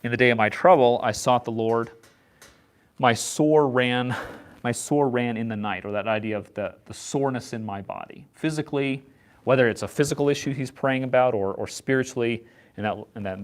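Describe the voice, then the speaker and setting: A man leading an informal Bible study, talking in a halting way and often repeating words as he restarts his sentences. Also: mid-range voice. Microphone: set up far from the speakers.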